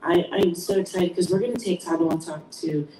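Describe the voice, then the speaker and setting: A woman's voice: on the low side, fairly even intonation, a little fast, distant mic. A woman hosting a casual chat with her daughter as guest. She laughs often and acts out quotes as she tells stories. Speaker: podcast host and mother of the guest. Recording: echoey room from off-mic, faint noise.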